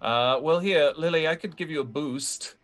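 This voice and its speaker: A man's voice: medium pitch, moderate pace, fairly bright tone. A man playing his character in a tabletop game, speaking politely and hesitantly with many fillers. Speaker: player. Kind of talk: in-character tabletop role-play.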